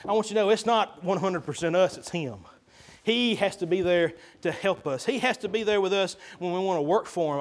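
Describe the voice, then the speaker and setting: A young man preaching a folksy sermon, swinging between loud preaching and quiet asides. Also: sits high, brisk. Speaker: pastor.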